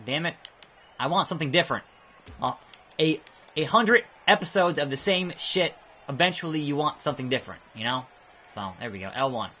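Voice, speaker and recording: A young man giving let's-play commentary on a game, excitable and cursing freely, with sudden outbursts at the screen. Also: medium pitch. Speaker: gaming channel host.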